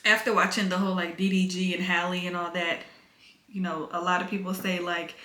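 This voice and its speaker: A woman's voice: lowish voice, flat delivery, fairly quick, pushed and bright, reverberant. A young pregnant woman vlogging at home over dinner, talking candidly and emotionally in a casual chat to camera.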